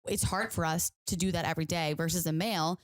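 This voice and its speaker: Young woman, lowish voice, chatty podcast co-host, casual tone. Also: fairly even intonation, fast.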